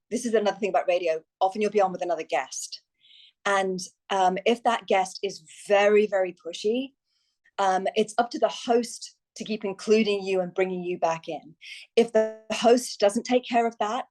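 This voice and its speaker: A woman's voice: medium pitch, a little mellow. A woman with an Irish accent, a success coach talking enthusiastically as a podcast guest, with many fillers and restarts. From Ireland. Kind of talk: podcast interview.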